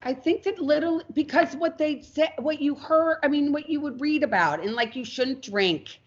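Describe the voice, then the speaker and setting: A woman's voice: sits high, normal speed. A woman guest on a podcast, telling her own story frankly and acting out what she once said. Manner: frank, animated, acts out her past self in quotes. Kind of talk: candid personal storytelling. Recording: muffled lo-fi audio.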